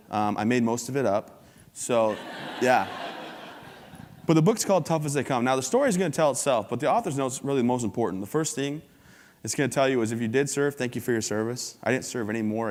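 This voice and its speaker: A man's voice: medium pitch, quick pace, a little mellow. A man tells his story to a conference crowd with easy humor and an upbeat, joking manner. His voice sits in the middle range. Long reverb from the large hall trails after each line. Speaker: keynote speaker. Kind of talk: humorous motivational talk.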